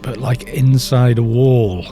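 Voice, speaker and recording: A man with a mellow, darker voice talks through a live game stream, drifting from game remarks into long, chatty stories. His delivery is loose and rambling, with faint music playing behind him. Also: medium pitch, fairly even intonation, takes it slowly. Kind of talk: casual live-stream chat while gaming.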